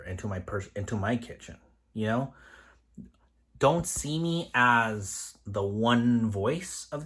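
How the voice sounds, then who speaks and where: A man's voice: on the low side, a bit bright. A man in his thirties, a kitchen lead, talking candidly in a casual vlog with rambling restarts. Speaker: line cook and kitchen lead.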